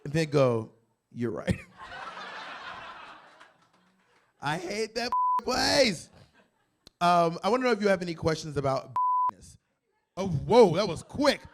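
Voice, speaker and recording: A man's voice: sits high, big pitch swings, moderate pace, noisy background. Brash stand-up comic man. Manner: brash, boastful and blunt, with sudden loud jumps. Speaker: stand-up comedian. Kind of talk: stand-up comedy with audience Q&A. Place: comedy club in San Diego.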